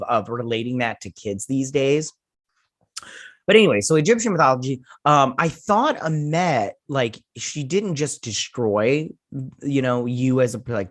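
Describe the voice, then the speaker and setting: A man's voice: mid-range voice, a bit bright. Rambling, chatty man. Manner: rambling, loose and chatty, often trails off. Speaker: host of a TV episode review channel. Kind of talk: casual recap and review.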